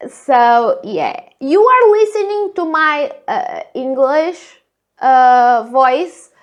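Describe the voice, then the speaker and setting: A woman from Portugal with a Portuguese accent, a native Portuguese speaker, hosting a reflective solo podcast in a thin, squeaky, girlish voice and pausing often on hesitant fillers. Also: expressive, highs cut off. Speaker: podcast host.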